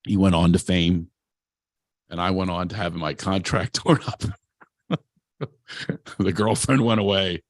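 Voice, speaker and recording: Candid low-voiced man telling his story. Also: unhurried, pauses often, no room sound, studio quality. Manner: confessional, self-deprecating, loose with restarts. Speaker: producer and speaker at a talent event. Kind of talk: candid motivational storytelling talk.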